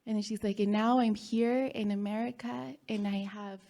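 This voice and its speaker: A woman telling a personal story at a live storytelling event, halting and heartfelt, with fillers and small laughs. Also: medium pitch, steady tone, gravelly, warm tone.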